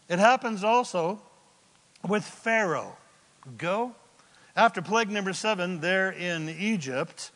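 Animated, high-voiced male pastor. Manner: animated storytelling with joking asides. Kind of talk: sermon. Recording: long hall reverb.

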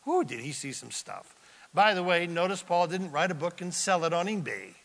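A man's voice: a little high, moderate pace, creaky. A man pastor delivering a dramatic sermon in a church, acting out scenes as he preaches. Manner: animated and dramatic, acts out scenes. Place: church sanctuary. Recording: reverberant church hall.

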